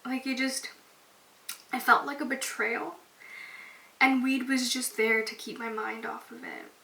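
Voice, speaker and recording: Young woman, podcast host, candid confessional chat, bright tone, roomy echo, distant mic, faint hiss. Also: on the high side, steady tone, unhurried. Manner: open, emotional, casual with frequent "like". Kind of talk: candid personal podcast monologue.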